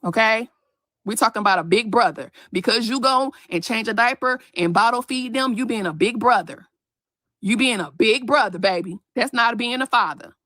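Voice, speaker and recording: A woman's voice: fairly high pitch, normal speed, a bit bright. A woman in a played clip making a heated personal statement, emphatic and repeating herself for force. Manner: emphatic, repeating her points.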